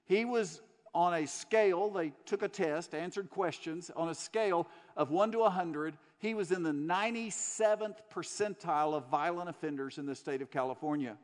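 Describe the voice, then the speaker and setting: A man preaching in a fairly high voice, telling a story with earnest emphasis and building on repeated phrases. His words ring out with a long reverb in a large church hall. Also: normal speed. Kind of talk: sermon.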